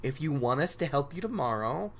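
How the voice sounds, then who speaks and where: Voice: medium pitch, expressive, brisk. A podcaster voicing a wary young man who speaks in a careful, placating way.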